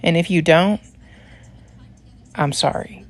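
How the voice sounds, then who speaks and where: A woman's voice: on the low side, takes it slowly. A young woman talking through a nail tutorial in a casual, rambling way, with many "like"s and chatty asides. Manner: rambling, lots of "like", laughs while talking.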